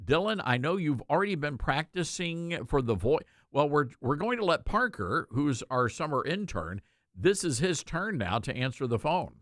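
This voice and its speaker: A man's voice: fairly high pitch, very animated, moderate pace, a bit bright, no echo, studio quality. A man hosting a talk radio show, speaking in an emphatic, folksy way.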